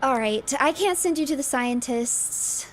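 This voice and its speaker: A woman streamer giving excitable commentary, talking to herself and her chat while playing a game. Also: high voice, a little slow, faint music behind.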